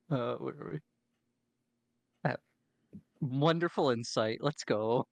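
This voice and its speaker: A man's voice: medium pitch, creaky, no echo. A man casually describing his character's actions as a player in a tabletop game.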